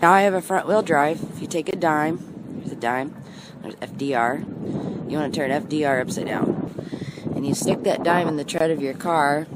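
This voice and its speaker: Chatty low-voiced woman. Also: background noise. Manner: chatty and rambling. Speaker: vlogger. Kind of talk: casual home vlog.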